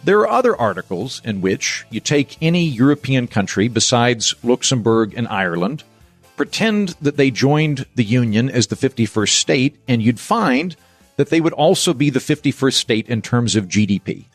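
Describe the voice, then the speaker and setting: A man's voice: medium pitch, very animated, normal speed, faint music behind. A man hosting a podcast, delivering a scripted monologue in a wry, sardonic way. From United States. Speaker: podcast host.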